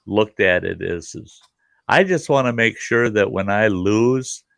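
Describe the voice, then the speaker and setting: This middle-aged host's voice is fairly low, creaky, and a little slow, captured in a dry recording. In a casual chat he tells an animated, expletive-filled story, acting out the voices along the way.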